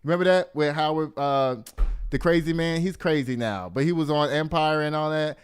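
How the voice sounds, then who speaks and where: Male host, 50s, lively chatty gossip delivery, slightly high, smooth clear voice. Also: moderate pace. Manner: animated, exclaiming, talks straight to the audience. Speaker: show host. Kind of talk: casual gossip commentary.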